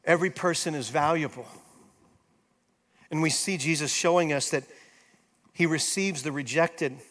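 A pastor delivering an emphatic sermon in a raised, high voice. He drives hard through peaks, then drops low and soft to plead with his listeners. A long hall reverb follows every line from the church sanctuary. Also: moderate pace. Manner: emphatic preaching, rising to intense peaks then dropping soft.

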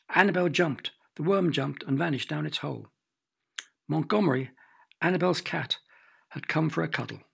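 A man narrating a children's storybook with expressive, playful sound effects. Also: fairly high pitch, vocal fry, breathy edge.

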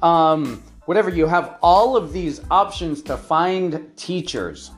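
An online English teacher talks to learners at an unhurried, deliberate pace, going through a numbered list of points. The speaker keeps asking "right?" and sounds keen, with soft music faintly under the voice. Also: mid-range voice, lively intonation. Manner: enthusiastic, repeats "right?" and lists points by number. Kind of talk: talking-head advice to learners.

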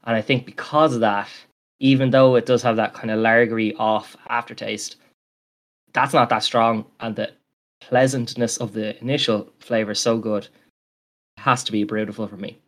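A man's voice: lowish voice, level tone, normal speed, a bit bright. A man co-hosting a podcast, talking in a rambling, enthusiastic way with many fillers. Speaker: podcast co-host. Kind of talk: casual chat.

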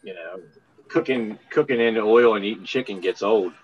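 A low-voiced man from Maryland rambles through casual chat, halting and restarting as he goes. His voice comes through muffled and lo-fi. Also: a little hiss or hum. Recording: muffled lo-fi sound.

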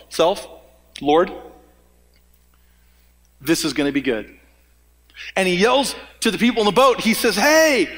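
A man's voice: fairly high pitch, fairly bright tone. A man preaching a sermon as a pastor, telling the story in a conversational way and acting out the dialogue. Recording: long reverb of a church hall.

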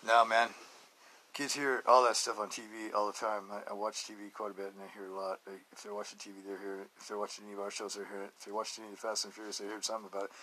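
A man's voice: on the low side, little pitch movement, racing, sharp tone, a little hiss or hum. A man hosting his own podcast, rambling through a casual, joking monologue, laughing often and drifting between stories and life advice. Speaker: podcast host.

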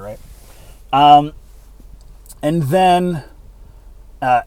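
A man's voice: on the high side, lively intonation, moderate pace, long pauses, no room sound. A man in his thirties, an acting teacher, talking casually and rambling on a solo podcast, tired and yawning. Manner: rambling, self-deprecating, demonstrates ad reads.

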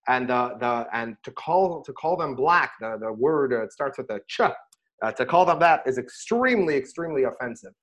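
A middle-aged man, a rabbi, chatting casually about scripture and telling stories with lively bursts when he quotes himself. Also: medium pitch, fairly quick. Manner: animated storyteller, rises sharply when quoting himself. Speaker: rabbi and podcast host. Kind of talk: casual Torah discussion and storytelling.

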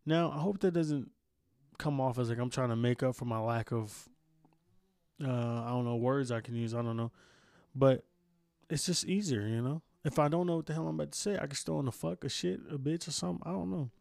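A man's voice: medium pitch, fairly quick, gravelly, a little mellow, no room sound. Groggy man rambling on a podcast. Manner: rambling, cusses a lot, stumbles over words. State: groggy, just woke up. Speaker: podcast host. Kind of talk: casual solo podcast monologue.

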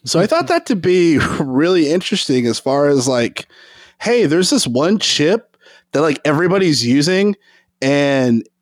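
Man haltingly reading gaming news. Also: a little high, sing-song, no room sound. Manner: hesitant, many fillers when reading. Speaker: podcast host. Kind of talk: casual chat, reading news aloud.

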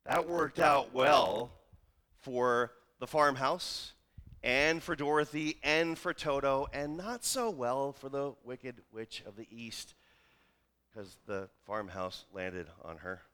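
A man's voice: mid-range voice, takes it slowly, sharp tone. A male pastor preaching a sermon, retelling a familiar film story with wry humorous asides.

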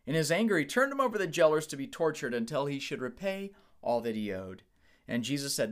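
A man's voice: mid-range voice, very animated, moderate pace. A man in his forties, a pastor, preaching a candid, conversational sermon with some restarts.

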